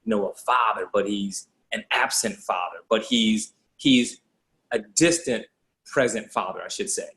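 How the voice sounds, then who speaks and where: A man's voice: fairly low pitch, measured pace, fairly bright tone. Thoughtful man talking movies. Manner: thoughtful, restarts sentences. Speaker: podcast guest. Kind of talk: casual movie discussion.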